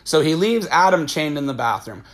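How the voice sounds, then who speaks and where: A man casually retelling a film's plot, excitable and swearing freely, acting out the characters' lines as he goes. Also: on the high side, moderate pace. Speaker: movie recap host. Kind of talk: casual spoiler-filled movie recap.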